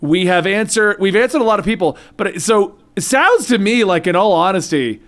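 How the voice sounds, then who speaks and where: A man's voice: sits high, expressive, a little fast, a bit bright. A man co-hosting a casual podcast, joking around and steering the topic along. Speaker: podcast co-host. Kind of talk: casual comic-book chat.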